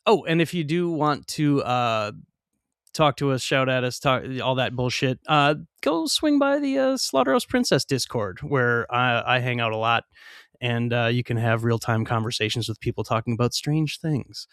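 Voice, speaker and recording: A man's voice: medium pitch, steady tone, normal speed, fairly bright tone, clean tone, no room sound, studio quality. A man co-hosting a podcast, reading out show notes in a loose, joking way and swearing casually. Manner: loose, joking, swears, trips over his sign-off. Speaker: podcast co-host. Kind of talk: casual chat.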